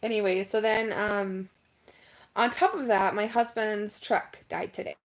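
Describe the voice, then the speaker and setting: A woman chatting on a casual live stream, her voice carrying a gravelly fry at a middle pitch. She talks in a rambling, emphatic way, full of "like" and "um". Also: steady tone, unhurried. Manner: chatty and emphatic, heavy use of "like" and "um". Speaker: vlogger.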